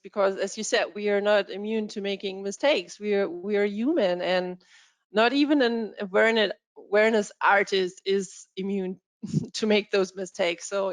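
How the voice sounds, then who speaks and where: A woman hosts a webinar interview over a video call. She answers her guest attentively and encouragingly, with a voice of ordinary pitch for a woman. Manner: attentive, encouraging, frequent affirmations. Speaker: webinar host.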